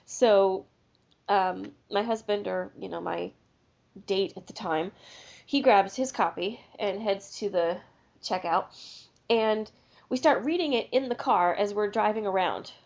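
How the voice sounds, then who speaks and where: A woman's voice: medium pitch, a little slow, gravelly, a little mellow. A woman co-hosting a podcast, telling a story in a rambling, casual way with restarts. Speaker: podcast co-host. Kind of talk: casual chat. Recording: lo-fi podcast audio.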